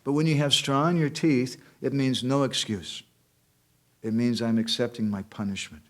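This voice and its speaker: A man's voice: mid-range voice, fairly even intonation, normal speed, a bit bright. A man giving a devotional class, translating verses line by line and checking in with the audience with short questions. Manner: explains verses line by line, translating each one. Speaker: speaker at a temple class.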